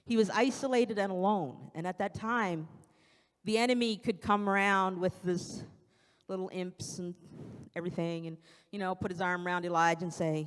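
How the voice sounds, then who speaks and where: A woman's voice: on the low side, steady tone, normal speed, clean tone. Woman preaching in reverberant church. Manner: conversational preaching with acted-out quotes. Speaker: church speaker. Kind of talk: evening sermon. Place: church sanctuary. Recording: long church hall reverb.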